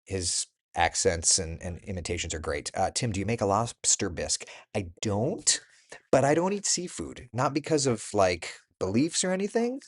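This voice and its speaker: Chatty low-voiced man host. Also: sing-song, moderate pace. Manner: chatty, laughing, reacting to viewer comments by name. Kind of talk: casual chat reading viewer comments.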